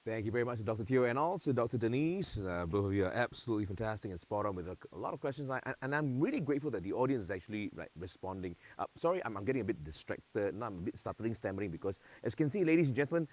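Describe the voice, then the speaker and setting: A man's voice: on the low side, lively intonation, rapid-fire, few pauses, darkish tone. A man with a Singaporean accent hosting a live-streamed event, chatty and playful, slipping into local slang. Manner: talking to dogs while presenting. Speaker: event host.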